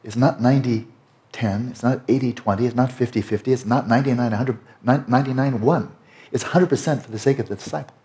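An American meditation teacher with a mid-range, mellow voice speaks quickly, giving retreat students a conversational dharma talk. He is emphatic and keeps checking in with a repeated "right?".

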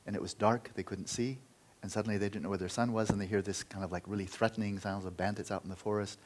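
A man's voice: on the low side, fairly even intonation, quick pace, slight background noise, low-quality recording. A man, a meditation teacher, telling a story vividly and dramatically during a spiritual talk.

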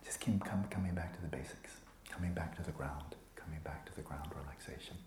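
A man teaching meditation to a retreat group, relaxed and playful, often sinking into a soft whisper and teasing students by name. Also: very deep voice, a little fast, a little hiss or hum. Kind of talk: dharma talk to a retreat group. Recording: echoey room with faint ambience.

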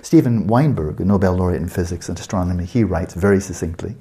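Low, dark-voiced man lecturing. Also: fast. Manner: rhetorical, questioning, emphatic. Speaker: meditation teacher. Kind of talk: spoken dharma lecture.

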